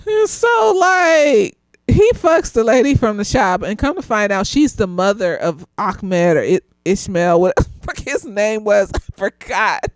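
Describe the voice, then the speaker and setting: A woman's voice: medium pitch, animated, measured pace, no room sound. A slightly tipsy woman, animatedly reviewing a TV show in casual chat, laughing often and swearing freely.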